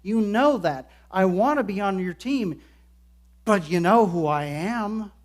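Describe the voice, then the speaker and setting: A man voicing a conflicted male disciple who pleads his case emphatically, in a raised, loud voice. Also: high-pitched, expressive, slow pace, voice pushed up. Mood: earnest pleading.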